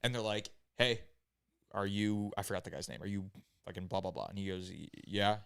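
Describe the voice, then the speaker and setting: A man's voice: lowish voice, steady tone, fairly quick, clean tone, no room sound, studio quality. A man casually telling a grim story to friends on a podcast, rambling and profane, with many "right?"s and "like"s. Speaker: podcast host.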